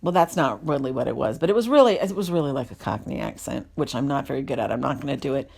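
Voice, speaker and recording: A woman's voice: extremely low pitch, fast talker, creaky, slightly rough. A woman telling a casual story with exasperated, self-mocking energy, her voice jumping up and down as she vents. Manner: animated, exasperated, self-deprecating.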